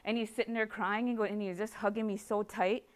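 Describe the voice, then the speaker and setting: Woman with a smooth, clear voice. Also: mid-range voice, fairly even intonation, brisk. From Canada. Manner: raw, emotional, repetitive phrasing. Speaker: speaker sharing her recovery story. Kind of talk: personal testimony talk.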